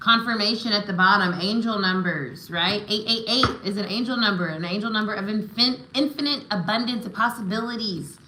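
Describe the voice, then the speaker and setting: A woman's voice: mid-range voice, brisk, hardly any pauses, bright, forceful tone, echoey room, slight background noise, poor audio. A woman giving live tarot and oracle readings, affirming and encouraging, often checking in with "right?" and "okay?". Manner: emotional, spiritual encouragement. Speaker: tarot reader.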